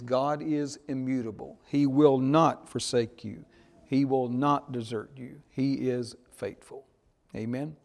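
A man preaching a sermon slowly and emphatically, pausing to ask his congregation "Amen?". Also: a little high, darkish tone. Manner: slow, emphatic preaching with call-and-response "Amen?". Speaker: pastor.

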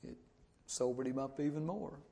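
Pastor, middle-aged man, gravelly voice, earnest storytelling sermon delivery. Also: a little high, moderate pace, warm tone.

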